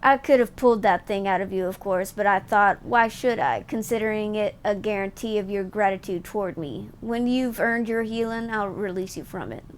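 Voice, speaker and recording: A woman's voice: mid-range voice, normal speed, few pauses, lightly acted. A woman reading as a scornful snake-like alien. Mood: contemptuous. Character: scornful snake-like alien gladiator leader, male.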